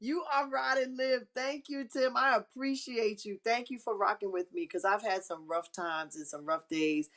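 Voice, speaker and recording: A woman's voice: medium pitch, normal speed, hardly any pauses, fairly bright tone. A middle-aged woman hosting a faith-based live stream, giving heartfelt, encouraging talk that repeats key phrases and sits close to tears. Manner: emotional, near tears. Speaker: livestream host.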